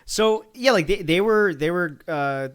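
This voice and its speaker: A man's voice: high-pitched, lively intonation, unhurried, a bit bright, smooth. Enthusiastic man chatting about film trivia. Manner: enthusiastic, chatty, laughs easily. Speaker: podcast co-host. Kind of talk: casual film discussion.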